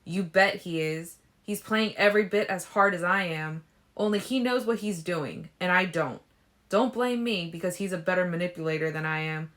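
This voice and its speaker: A woman reading an injured, jealous teenage boy in a fan audiobook, loud and blunt. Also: lowish voice, normal speed, lightly acted. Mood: heated.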